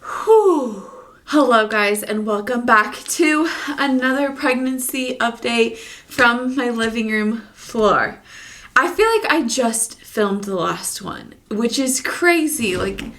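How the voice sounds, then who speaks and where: Bright chatty young woman vlogging. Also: a little high, slow pace. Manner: chatty, rambling, fillers of "like". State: out of breath. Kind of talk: casual pregnancy vlog. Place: living room floor.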